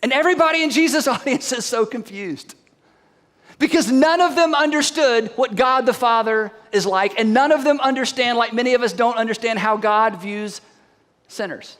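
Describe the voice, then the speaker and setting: High-voiced preacher in a reverberant hall. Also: male voice, normal speed. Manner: animated storytelling, asks the audience questions. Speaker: pastor. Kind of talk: sermon.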